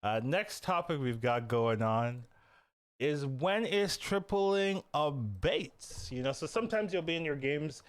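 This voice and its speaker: Animated man hosting a podcast. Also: fairly high pitch, unhurried, dry recording. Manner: animated, lots of "you know" and "right?". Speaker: podcast host. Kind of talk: casual game-strategy podcast chat.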